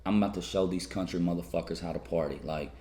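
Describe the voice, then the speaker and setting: A Kentucky man in his thirties is a guest in a casual, profane interview, telling wild stories and laughing often. His low, dark voice holds a steady tone at a quick pace.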